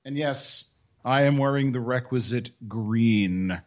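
A man's voice: medium pitch, takes it slowly, muffled recording. A man co-hosting a sports radio show, wisecracking and often laughing. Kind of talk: casual banter.

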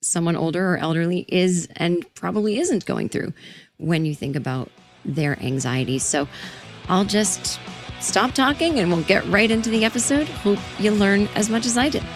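A woman's voice: lowish voice, lively intonation, moderate pace, faint music behind. A woman hosting a podcast, chatting informally and thinking aloud with plenty of fillers. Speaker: podcast host. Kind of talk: casual conversational interviewing.

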